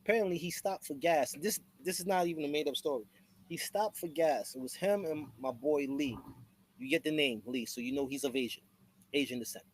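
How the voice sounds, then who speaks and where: A man's voice: fairly high pitch, fairly quick, a little hiss or hum, low-quality recording. A man hosting a live talk show, telling stories casually in street slang and acting out the voices of people he quotes. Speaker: host. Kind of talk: casual storytelling chat.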